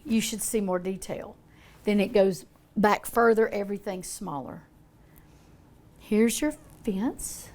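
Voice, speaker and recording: A woman's voice: mid-range voice, darkish tone. An older woman demonstrating a painting, talking in a chatty, folksy way as she thinks aloud. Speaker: art teacher.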